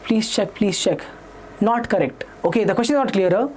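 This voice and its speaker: A young man with an Indian English accent teaching a live online maths revision class, talking quickly and repeating himself while reading out students' comments. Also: high voice, expressive, a little mellow, slightly rough. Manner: fast, repetitive, reads students' chat comments aloud.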